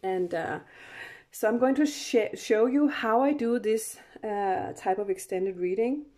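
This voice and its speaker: A woman's voice: on the high side, unhurried, mellow. A woman doing a casual tarot reading to camera, chatty, with many fillers and restarts and frequent laughs. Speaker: tarot card reader.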